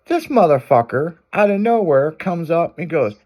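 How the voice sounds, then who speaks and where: A man's voice: on the high side, big pitch swings, normal speed, a little mellow. A man hosting a radio show, telling a long crude story in loose casual talk.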